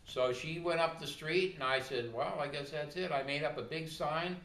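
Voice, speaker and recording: A man telling a shared story at a relaxed pace, halting and chiming in to set details right. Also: a little high, roomy sound, rough recording. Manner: halting, unhurried, chiming in to correct. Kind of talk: casual storytelling.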